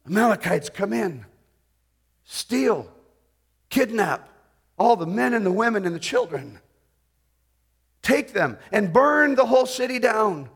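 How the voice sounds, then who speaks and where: In a high, husky voice with vocal fry, a middle-aged preacher keeps a measured pace and leaves long pauses. He reads scripture and recounts it expressively, getting louder and softer and joking with the crowd.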